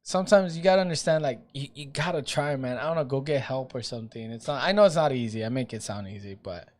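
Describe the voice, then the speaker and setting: A young man co-hosting a beer podcast, loud and joking, swearing freely and slipping into put-on voices. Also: medium pitch, fast. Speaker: podcast co-host. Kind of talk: casual chat.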